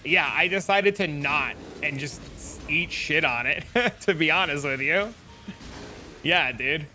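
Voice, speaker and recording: A man's voice: a little high, a little slow, sharp tone, a little hiss or hum. A man streaming a game, chatting casually in a laid-back, profane, rambling way full of fillers. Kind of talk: casual live-stream chat.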